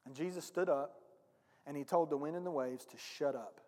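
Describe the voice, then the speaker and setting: A man's voice: a little high, normal speed, darkish tone. A male pastor preaching a sermon, emphatic and speaking directly to his congregation. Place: church sanctuary. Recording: long reverb of a church hall.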